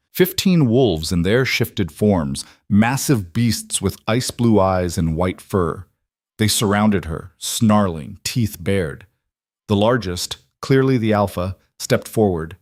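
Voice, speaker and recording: Measured male fantasy storyteller, low and dry. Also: darkish tone, no echo. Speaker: narrator. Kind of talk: scripted audiobook narration.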